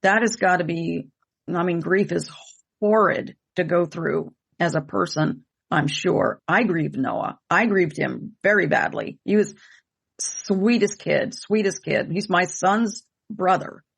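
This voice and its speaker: A woman's voice: on the low side, takes it slowly, gravelly, husky. A woman co-hosting and telling a personal story in an earnest, emotional way, often repeating herself for emphasis. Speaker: medium and co-host. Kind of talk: candid conversational storytelling.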